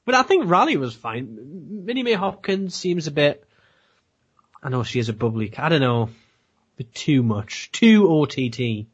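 Lively, husky man rambling in chat. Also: a little high, moderate pace. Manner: animated, rambling, laughs often. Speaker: podcast co-host. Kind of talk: casual chat reviewing anime. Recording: dull lo-fi sound.

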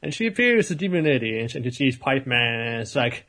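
Husky-voiced man in casual chat. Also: medium pitch, a little fast, hardly any pauses, fairly bright tone. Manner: laughing, acting out characters in silly voices. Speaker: podcast co-host. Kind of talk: casual anime recap chat.

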